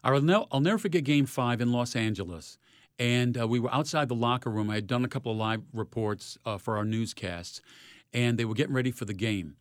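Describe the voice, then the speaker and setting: A retired sports reporter in his sixties, telling lively stories in an interview. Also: brisk, no room sound, studio quality. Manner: animated storyteller, rising loud in highlights. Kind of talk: storytelling interview.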